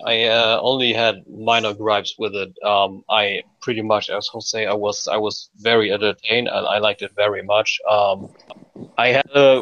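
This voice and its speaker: A man on a podcast panel, chatting casually and thoughtfully with many fillers and pauses. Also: lowish voice, a bit bright. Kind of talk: casual chat. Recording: dull dry sound.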